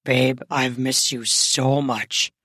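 Seductive man playing Santa, put on by a woman: low, steady, smooth and firm, recorded dry. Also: slow pace, no room sound, heavily acted. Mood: seductive, commanding.

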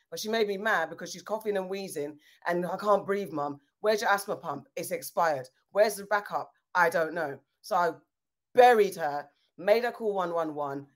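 Low-voiced woman, frank and exasperated. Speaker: podcast host. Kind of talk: casual chat.

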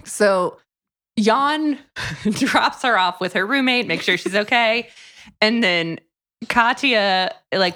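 A woman co-hosts a podcast, retelling a book's plot in casual book-review chat peppered with "like." Her voice sits on the low side and is a bit bright.

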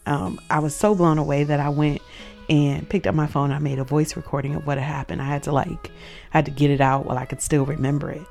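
Gravelly, mellow-voiced woman telling faith stories. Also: deep voice, little pitch movement, fast talker, faint music behind. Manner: earnest and reflective, emotional at peaks. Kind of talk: personal faith storytelling.

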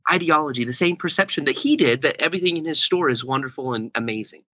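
A man's voice: a little high, animated, quick pace, pushed and bright, no echo, low-quality recording. A young man who is a guest speaker, telling a story animatedly in an interview and acting out the quotes. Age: young adult.

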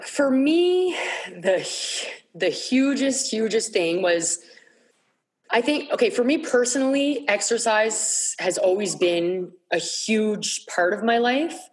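Halting, earnest woman podcast guest. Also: on the high side, lively intonation. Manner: halting, repeats words, many fillers. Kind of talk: candid personal storytelling.

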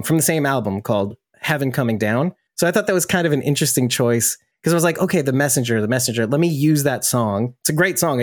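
A man's voice: mid-range voice, darkish tone, no room sound, clean studio sound. A man hosting a casual podcast, talking in a jokey, rambling and self-deprecating way. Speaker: podcast host.

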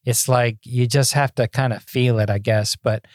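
A man's voice: mid-range voice, steady tone, moderate pace, no room sound, studio quality. A man in his sixties, a podcast guest, telling his life story in a folksy, self-deprecating way, often repeating words as he starts a thought. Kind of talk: casual interview storytelling.

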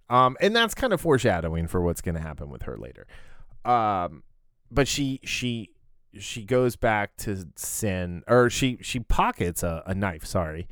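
A man co-hosting a podcast, recapping a show in casual, meandering chat with plenty of fillers. His voice sits on the low side, and the sound is close and dry with no room around it. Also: a bit bright, no echo. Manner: rambling recap with fillers and restarts. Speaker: podcast co-host.

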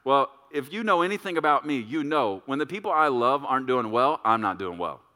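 A middle-aged male pastor preaching a sermon, telling a story and acting out voices with big jumps in pitch and volume. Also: lively intonation, fairly quick, pushed and bright, big-room sound.

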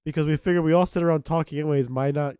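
A man with a Wisconsin accent, co-hosting a podcast and chatting fast, often restarting his words. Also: on the high side, steady tone, mellow, clear, resonant tone, no room sound. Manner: fast, restarts and corrects himself. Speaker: podcast co-host. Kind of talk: casual chat.

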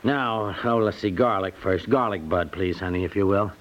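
A man's voice: low voice, normal speed, close to an everyday voice. A middle-aged actor playing a fussy, self-assured husband who lectures his wife on cooking, in 1950s radio comedy acting. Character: fussy self-assured husband, know-it-all home cook. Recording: dull lo-fi 1950s radio recording with faint hiss.

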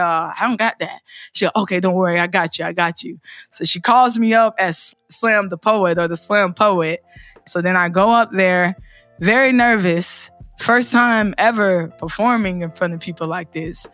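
In an interview, a female poet shares her life story with feeling, voicing other people's words in a lively way. Her pitch is medium, and there's no room sound.

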